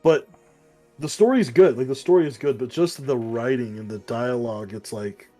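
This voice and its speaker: A man's voice: medium pitch, dark tone, faint music behind. Rambling, profane man recapping comics. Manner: rambling, profane, acts out characters in quick asides. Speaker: podcast co-host. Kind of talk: casual comic book review chat.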